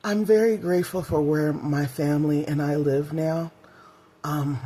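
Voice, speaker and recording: Woman, middle-aged, husky breathy voice, casual vlog, heartfelt, rambling. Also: deep voice, steady tone, unhurried, dark tone. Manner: candid, heartfelt, rambling with fillers. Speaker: vlogger.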